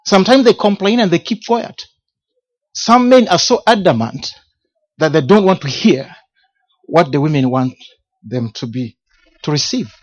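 A man's voice: on the high side, expressive, measured pace, long pauses. A man preaching a sermon as a personal testimony, emphatic, repeating key words and asking rhetorical questions. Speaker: minister of a men's ministry. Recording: dull lo-fi recording.

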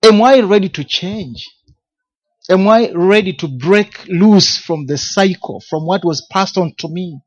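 Animated husky man preaching. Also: sits high, a little slow. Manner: emphatic, repeats key words, rhetorical questions. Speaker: minister of a men's ministry. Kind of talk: sermon, personal testimony. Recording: dull lo-fi recording.

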